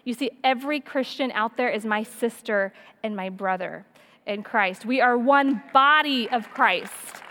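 A woman's voice: fairly high pitch, unhurried, sharp tone. A woman in her thirties giving a sermon, earnest and personal, telling stories and repeating her points. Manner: earnest, personal storytelling with repetition. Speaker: women's speaker. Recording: long reverb of a hall.

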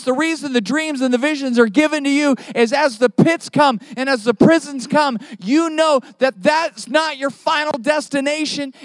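A man's voice: extremely high pitch, dry recording. A man preaching a sermon as pastor, emphatic, with rhetorical questions to the congregation.

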